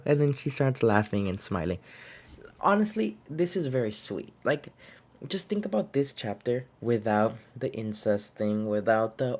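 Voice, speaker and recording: A man's voice: medium pitch, sing-song, a little slow, darkish tone. A young man rambling casually through a comic review, restarting sentences and laughing as he goes. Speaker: manga reviewer.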